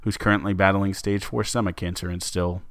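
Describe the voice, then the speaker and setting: A man with a low voice chats his way through a sports podcast, stopping and restarting often. The sound is dry and close, with no room around it. He keeps it loose and conversational. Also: flat delivery, a little fast, no room sound. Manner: chatty, many fillers and restarts. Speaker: podcast co-host. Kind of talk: casual sports podcast chat.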